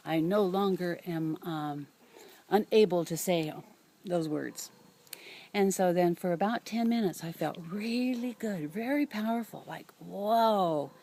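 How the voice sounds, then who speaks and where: Reflective older woman, slightly low voice. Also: unhurried, warm tone, a little hiss or hum. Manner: reflective, hesitant, with many fillers and restarts. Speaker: vlogger and cat rescuer. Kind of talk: casual personal storytelling.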